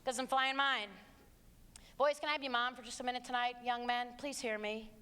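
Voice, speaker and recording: A middle-aged woman giving a live talk to students and parents in an auditorium, emphatic and sarcastic, moving between hushed asides and shouts. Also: a little high, steady tone, fairly quick, clear, resonant tone. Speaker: speaker addressing students and parents. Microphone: handheld stage mic. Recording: long hall reverb.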